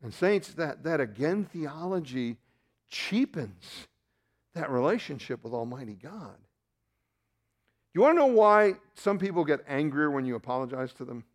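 A male pastor preaching a sermon in a slightly higher-pitched voice. He swings from quiet, low asides to sudden loud, drawn-out peaks, breaking into self-deprecating restarts along the way. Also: very animated.

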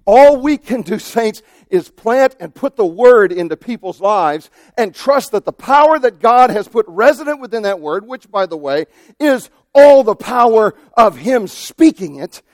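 Pastor guy preaching, high voice that jumps all over, dry close sound. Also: unhurried, dry recording. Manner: animated preaching, acts out quoted voices, swings from loud to hushed. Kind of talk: sermon.

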